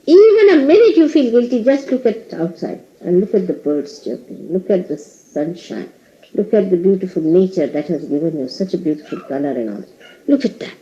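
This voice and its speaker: A woman's voice: on the low side, very animated, normal speed, dark tone. A woman spiritual teacher giving a talk to her followers, scolding them in a playful way and laughing often. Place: indoor ashram hall. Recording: dull lo-fi 1980s tape recording.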